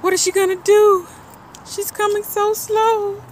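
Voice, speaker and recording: Woman vlogger, high lively voice, unhurried, playful mom filming outdoors with faint background noise. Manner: animated, teasing, talks to viewers. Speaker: mother filming her child. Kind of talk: playful family vlog narration. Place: outdoors near woods.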